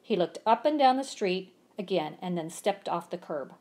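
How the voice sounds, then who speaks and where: A woman reads a children's storybook aloud in an animated, expressive way. Her pitch rises and falls freely, and she acts out the sound effects with relish. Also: moderate pace.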